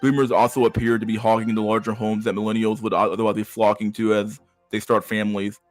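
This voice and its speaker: A man's voice: fairly low pitch, flat delivery, fast, dry recording, soft background music. A man hosting a podcast, reading a news article aloud and breaking off into profane, slangy asides. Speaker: podcast host.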